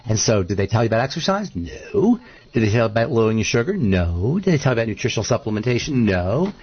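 A man's voice: mid-range voice, big pitch swings, very fast, breathy edge, muffled recording. A man hosting a casual talk show, rambling and argumentative, making his case with lots of asides. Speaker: show host.

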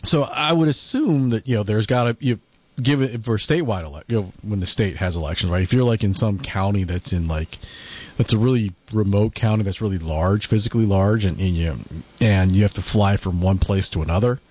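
A man's voice: lowish voice, brisk, highs cut off. A man hosting talk radio in casual conversation, rambling with frequent restarts. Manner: rambling, hesitant. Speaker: radio host.

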